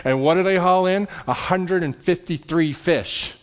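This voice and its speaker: A pastor giving a sermon, retelling a story in a casual, conversational way and often checking in with "right?". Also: male voice, measured pace. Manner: drops soft and low at solemn moments.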